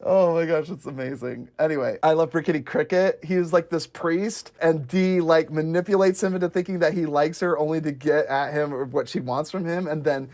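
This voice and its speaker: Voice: medium pitch, a little fast, few pauses. A podcast co-host in casual chat, retelling comedy scenes with lots of laughter and acted-out lines. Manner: animated, laughing often, acting out quoted lines.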